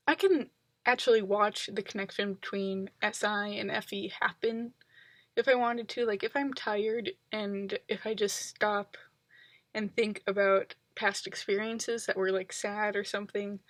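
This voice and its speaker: A woman vlogger talking casually to camera in a rambling, reflective way, often pausing with ums and likes. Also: medium pitch, a bit bright, dry recording. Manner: reflective, analytical.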